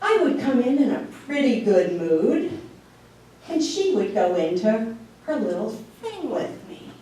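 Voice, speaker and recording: A woman in her sixties giving a humorous storytelling speech in an animated way, with drawn-out pauses and laughing asides. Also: fairly high pitch. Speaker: speech contest speaker. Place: meeting hall. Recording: echoey hall from far off.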